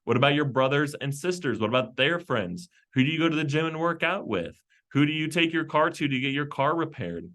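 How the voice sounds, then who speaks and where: A man leading a team meeting, rattling off a long list of quick questions with frequent fillers. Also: fairly high pitch, lively intonation, a bit bright. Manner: rapid-fire questions with fillers. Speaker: team leader. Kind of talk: brainstorming prompts at a team meeting.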